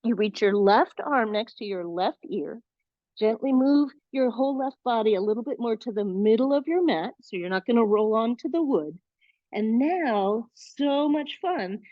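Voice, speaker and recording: Female yoga teacher, slightly high voice, playful and encouraging, dry and dull-sounding room. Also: no echo. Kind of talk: live yoga class instruction.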